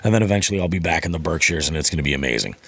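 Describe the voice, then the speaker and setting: A man's voice: very deep voice, expressive, rapid-fire, gravelly, fairly bright tone, slightly rough, no echo. A man, hosting a podcast and telling rambling stories in casual chat, swearing freely. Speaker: podcast host.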